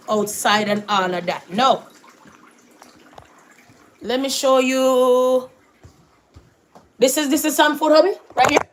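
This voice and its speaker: A talkative woman vlogs from her house and garden on her phone, chatting loosely and calling out to viewers. Her voice sits a touch high for a woman, and a faint hiss runs under it. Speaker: vlogger. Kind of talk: casual vlog chat. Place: at home, walking out to a backyard garden. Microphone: handheld phone.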